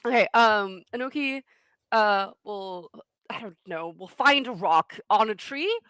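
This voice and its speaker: A woman's voice: mid-range voice, animated, measured pace, a bit bright, clear, resonant tone, dry recording. A woman playing in a tabletop game, chatty and giggly. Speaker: player.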